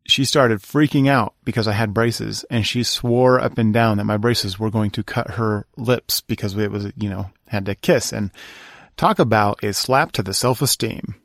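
A man's voice: medium pitch, fairly even intonation, unhurried, vocal fry, no room sound. A young man co-hosting a podcast in casual chat, asking the question of the week and dropping wry, dry quips. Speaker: podcast co-host.

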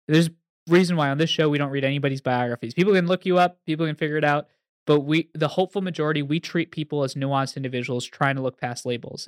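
Fast-talking male podcast host. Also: fairly high pitch, no room sound, studio quality. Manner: eager, emphatic questioning. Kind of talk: conversational interview.

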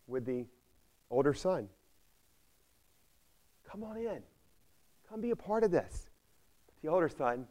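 A man preaching a sermon, retelling a parable with lively emphasis and briefly acting out the characters' lines. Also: medium pitch. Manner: emphatic, repeats key phrases.

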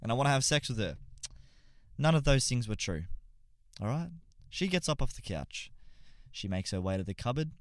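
Young male podcast host, crude and animated storyteller, swinging pitch, close dry sound. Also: moderate pace, pauses often, dry recording. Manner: animated, swearing, laughs mid-sentence. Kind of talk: casual storytelling to gamers.

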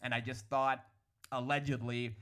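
A man hosting a solo podcast, ranting in an animated, opinionated way with a hoarse, worn-out voice. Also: mid-range voice, moderate pace. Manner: animated, opinionated, hedging with "allegedly". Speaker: podcast host. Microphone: studio podcast microphone.

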